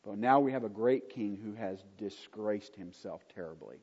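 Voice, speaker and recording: A man's voice: lowish voice, normal speed, darkish tone, breathy edge. A man teaching from the Bible in an emphatic way, often asking his listeners rhetorical questions. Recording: dull, lo-fi recording in an echoey hall.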